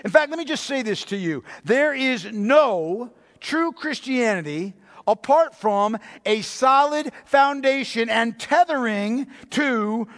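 A man preaching a sermon as a pastor, emphatic, repeating phrases and slowing down to stress key words. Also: very high voice. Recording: long reverb of a large hall.

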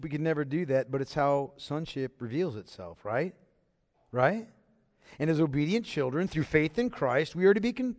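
Guy preaching a sermon, keeps asking "right?", kinda high voice, big echoey hall sound. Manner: emphatic preaching with rhetorical questions. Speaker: pastor.

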